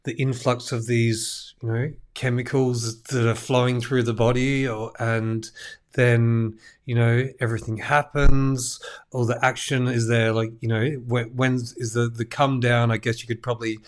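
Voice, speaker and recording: A man's voice: mid-range voice, level tone, unhurried. A man co-hosting a podcast, asking rambling questions full of fillers. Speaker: podcast co-host. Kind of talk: casual podcast chat.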